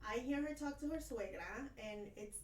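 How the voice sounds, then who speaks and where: A woman's voice: fairly high pitch, expressive, moderate pace, a little mellow, slight background noise. A young adult woman co-hosting a podcast, chatting casually and switching between English and Spanish mid-sentence. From United States. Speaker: podcast co-host. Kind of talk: casual bilingual chat. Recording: roomy sound from off-mic.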